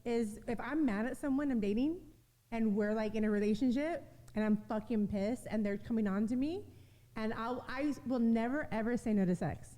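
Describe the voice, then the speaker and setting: A woman hosting a casual chat show, eager and chatty, quick to chime in. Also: a little high, mellow, big-room sound. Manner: eager, chatty, quick back-channel chiming. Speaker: podcast host.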